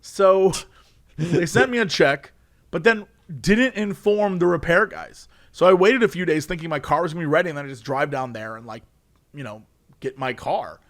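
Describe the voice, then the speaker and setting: A man with a notably high speaking voice tells a rambling comic anecdote on a podcast. His delivery is animated and chatty, full of asides and laughter. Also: moderate pace. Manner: animated storytelling, acts out quotes, frequent laughter. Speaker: podcast co-host. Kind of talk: casual comedic chat.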